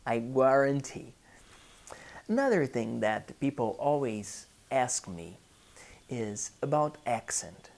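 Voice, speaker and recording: With big swings in pitch around a mid-range center, this gravelly, darkish voice belongs to a Brazilian man, a native Portuguese speaker, giving an English class online. He speaks deliberately in a Brazilian Portuguese accent and keeps repeating key phrases.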